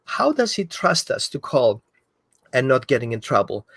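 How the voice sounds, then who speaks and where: A man explaining dog training in an animated way, acting out what the dog thinks. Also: mid-range voice, moderate pace, breathy edge, no echo. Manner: animated, acts out the dog's thoughts. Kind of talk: explanatory talk.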